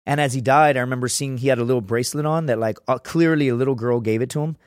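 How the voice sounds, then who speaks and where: A man's voice: medium pitch, steady tone, very fast, no room sound, clean studio sound. A man guest on a podcast, telling a story casually, with lots of fillers and swearing.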